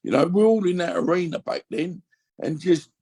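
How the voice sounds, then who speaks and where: Man in his fifties, gravelly husky voice, rambling emotional chat. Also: high-pitched, moderate pace, warm tone. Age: 50s. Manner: rambling, emotional, full of you-knows. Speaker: podcast guest. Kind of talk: candid casual chat.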